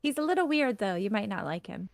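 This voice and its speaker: A woman's voice: mid-range voice, very animated, quick pace, vocal fry, no room sound, clean studio sound. A woman voicing a chatty, friendly talking tree in a tabletop game. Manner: rambling, friendly.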